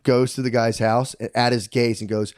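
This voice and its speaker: A man co-hosting a podcast, retelling a book in a rambling, animated way, full of "dude" and "like". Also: medium pitch, normal speed, dry recording, clean studio sound. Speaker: podcast co-host. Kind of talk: casual chat, retelling a book.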